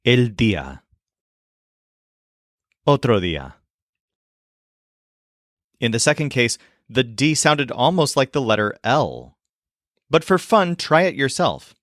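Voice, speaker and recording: A man teaching in a language lesson video, explaining clearly and modeling sounds slowly. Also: mid-range voice, a bit bright, dry recording, studio quality. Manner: clear, demonstrative, slows to model pronunciation.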